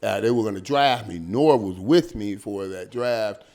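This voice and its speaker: A middle-aged man, a former pro football player, telling stories as an interview guest in casual, animated talk, often repeating words and dropping in "man" and "dog". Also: lowish voice, normal speed.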